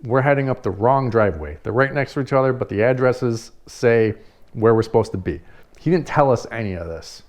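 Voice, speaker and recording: A man who owns a party rental business tells a story in a casual, animated way, swearing freely and laughing now and then. He talks briskly in a mid-range voice.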